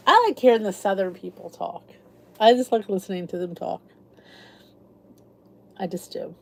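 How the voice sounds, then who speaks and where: A woman's voice: mid-range voice, normal speed, creaky, long pauses. A middle-aged woman with a Philadelphia accent, chatting casually with live viewers on her channel and answering their comments in a rambling way. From Philadelphia area. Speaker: YouTube channel host.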